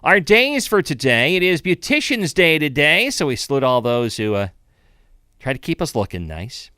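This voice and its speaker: A man's voice: fairly high pitch, sing-song, moderate pace, sharp tone, clear, resonant tone, no echo, studio quality. An older man hosting a morning radio show, reading the day's history with chatty, conversational asides. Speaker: radio host. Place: radio studio.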